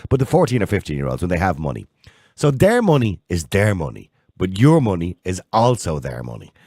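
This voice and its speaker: A very deep-voiced Irish man in his sixties hosts a call-in radio show. He talks quickly with a lively, swinging delivery, blunt and opinionated. The sound is close and dry, with no room around it. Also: breathy edge, no echo. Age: 60s. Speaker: radio talk show host. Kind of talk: phone-in radio chat.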